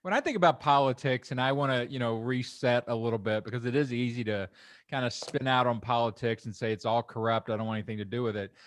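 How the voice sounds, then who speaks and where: A man's voice: medium pitch, fairly even intonation, fast, no room sound. A man hosting a podcast, musing reflectively in casual conversation. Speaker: podcast host.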